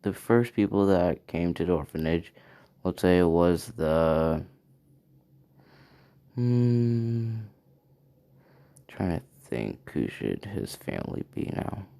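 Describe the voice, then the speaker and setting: A man's voice: deep voice, expressive, slow pace, vocal fry, long pauses, mellow. A man improvising a fan story aloud, rambling and hesitant as he thinks it up.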